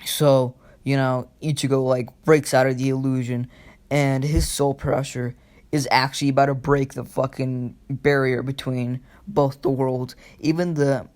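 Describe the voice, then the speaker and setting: A man's voice: medium pitch, flat delivery, unhurried, a little mellow. A young man casually retelling a fan story, rambling with lots of fillers and swearing.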